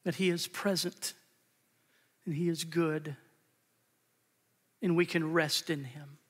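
A man's voice: fairly high pitch, fairly even intonation, slow, a bit bright, husky. A male pastor preaching an earnest, emphatic sermon, repeating phrases for weight, recorded live in a church sanctuary. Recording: long church hall reverb.

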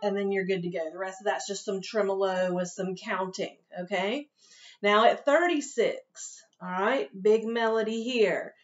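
A woman's voice: mid-range voice, moderate pace, faint music behind. A woman teaching violin to her students, talking them through tricky passages in a patient, encouraging way and often checking in with "okay?". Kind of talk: instrument lesson, talking students through a piece. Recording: dull home recording with violin playing.

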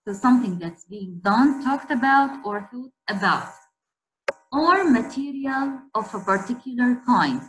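A woman's voice: fairly high pitch, animated, a little slow, poor audio. A woman teacher leading an online spelling lesson for girls, repeating each word and quizzing the class.

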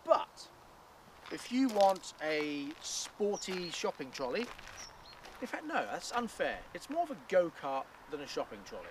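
A man's voice: high-pitched, sing-song, a little slow. A man presenting a light-hearted car review vlog, outdoors by the cars and behind the wheel. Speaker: car reviewer, show host. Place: outdoors by cars and inside a car while driving. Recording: distant mic with loud outdoor and road noise. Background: traffic and car noise.

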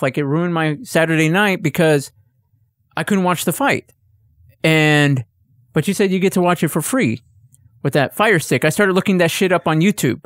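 A man's voice: fairly high pitch, moderate pace, dry recording, clean studio sound. A man on a casual podcast, ranting and swearing as he tells a story and acts out exchanges in a raised voice. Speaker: podcast co-host. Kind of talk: casual chat.

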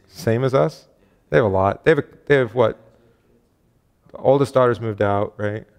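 A man's voice: fairly low pitch, gravelly. A man, a pastor, leading a casual Bible study, chatty and self-correcting, reading scripture aloud with emphasis.

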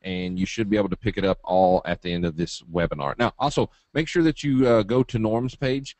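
A man's voice: on the low side, fairly quick, darkish tone, no echo. A man from Eastern Kentucky with a Southern drawl, presenting a live trading webinar in a folksy, joking, straight-talking way.

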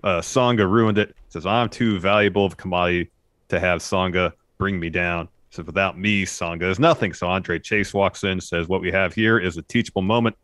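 A man co-hosting a wrestling podcast, recapping the show in casual chat with dry, deadpan quips. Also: deep voice, fairly quick, no echo. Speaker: podcast co-host.

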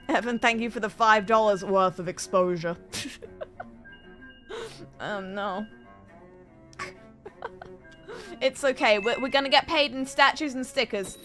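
A woman's voice: a little high, big pitch swings, takes it slowly, long pauses, fairly bright tone, rough recording. A woman streaming a game, chatting playfully as she plays, laughing often and cursing at the screen. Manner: playful, giggly, swears often. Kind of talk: casual gameplay commentary. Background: game music.

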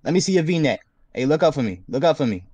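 A man's voice: fairly high pitch, sing-song, fast, dark tone, slightly rough, dry recording. A young man roasting an opponent with short teasing jabs. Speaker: roast contestant. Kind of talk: taunting roast.

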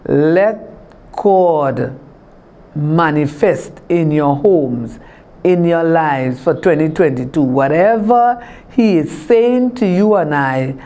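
A middle-aged woman minister from Tobago preaches. Her voice sits low and she takes her time. Her lines keep returning in a steady, declaring cadence. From Trinidad and Tobago. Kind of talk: televised sermon.

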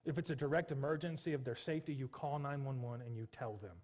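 A man in his forties preaching a sermon as pastor in a church, earnest and pleading, with bursts of animated humor. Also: mid-range voice, fast talker, few pauses. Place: church sanctuary.

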